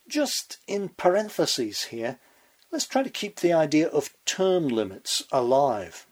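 A man's voice: a little high, sing-song, takes it slowly, a little mellow. A man delivering a scripted political commentary monologue with sardonic, sarcastic asides.

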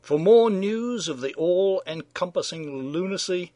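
A man's voice: high-pitched, lively intonation, a little slow, warm tone, no echo. A middle-aged man hosting a scripted radio news commentary, delivering it with dry, sardonic irony.

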